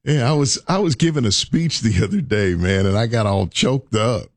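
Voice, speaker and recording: A man's voice: fairly low pitch, lively intonation, moderate pace, creaky, no echo, clean studio sound. A man hosting a talk radio show, chatting casually and laughing often as he tells stories. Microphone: studio microphone.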